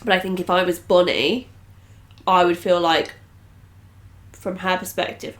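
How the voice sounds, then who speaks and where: A woman with a somewhat low voice, chatting with her co-hosts about a TV episode. She sounds eager and keeps building theories as she talks. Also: little pitch movement, unhurried, long pauses, a bit bright. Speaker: reaction show co-host. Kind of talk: casual chat reacting to a TV episode.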